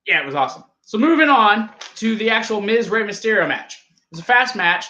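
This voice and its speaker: Bright-voiced man chatting casually. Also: high voice, animated, brisk, roomy sound, highs cut off. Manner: loose and conversational, swears casually. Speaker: podcast co-host. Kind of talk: casual wrestling review chat.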